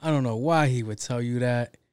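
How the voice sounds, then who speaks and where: A man's voice: medium pitch, a little fast, clear, resonant tone, no echo. A young man telling a story from work in a casual, profane, slangy way, acting out what people said. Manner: profane, slangy, animated with acted quotes.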